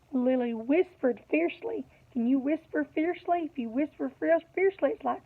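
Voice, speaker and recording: A woman reading a picture book aloud to children, animated, pausing to ask them questions. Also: high voice. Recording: tinny phone-like audio.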